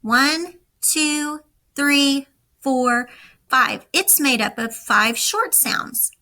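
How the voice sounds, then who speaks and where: A woman teaching a recorded lesson, speaking slowly and deliberately to young students. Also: high-pitched, sharp tone, poor audio. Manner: slow, deliberate, instructive.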